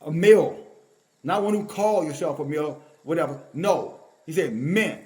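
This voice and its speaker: A man's voice: a little high, lively intonation, moderate pace, darkish tone. A man preaching an emphatic, confrontational sermon, scolding his listeners and reading scripture aloud between his rebukes.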